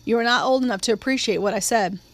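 A brisk older neighbor woman speaks with crisp, firm authority, voiced by a woman reading the book. Under the briskness she is kind. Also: a little high, lightly acted.

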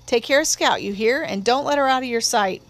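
A calm, gentle father, voiced by a woman reading aloud, speaking steadily and without hurry. His voice sits a little high. It is read as part of an audiobook. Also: a little fast.

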